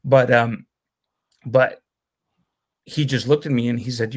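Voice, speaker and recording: A man's voice: mid-range voice, steady tone, takes it slowly. A man hosting a podcast tells an earnest personal story, with many uh and um fillers. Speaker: podcast host. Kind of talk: casual interview chat.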